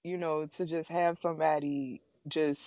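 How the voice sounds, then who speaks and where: A woman's voice: deep voice, fairly even intonation, moderate pace, dry recording. A woman co-hosting a podcast, chatting casually and speaking directly to a live audience. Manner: warm, chatty, talks directly to listeners. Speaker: podcast co-host.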